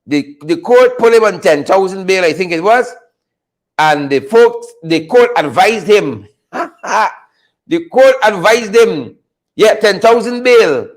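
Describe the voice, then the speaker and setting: A man hosts a casual commentary show. His voice sits very high and swings widely in pitch, and he talks slowly and deliberately. He teases, laughs often and repeats his lines for effect. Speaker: host.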